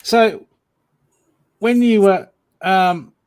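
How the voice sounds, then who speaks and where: A talk-show host with a medium-pitched voice asks a guest questions in relaxed chat and often pauses on fillers. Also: clean tone. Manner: hesitant questions with many fillers. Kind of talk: casual interview chat.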